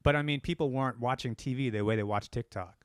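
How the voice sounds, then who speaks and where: A man co-hosting a podcast, arguing his point in an animated, opinionated way and swearing casually. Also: mid-range voice, quick pace, no room sound, clean studio sound. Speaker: podcast co-host. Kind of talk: casual chat.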